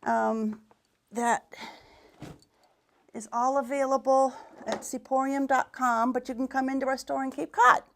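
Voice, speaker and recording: A woman's voice: sits high, fairly even intonation, unhurried, vocal fry, long pauses. A woman giving a live craft demonstration as a paint retailer, talking in a chatty, rambling way with restarts and muttered asides, a bit out of breath.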